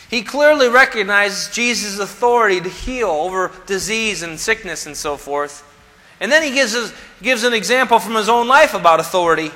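A man's voice: high-pitched, bright, forceful tone. A man preaching a sermon as pastor, emphatic and acting out the voices he quotes. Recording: long hall reverb.

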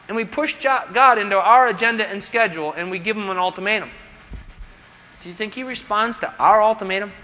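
A man's voice: high voice, bright, forceful tone. A man preaching a sermon as pastor, asking rhetorical questions and dropping humorous asides. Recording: long hall reverb.

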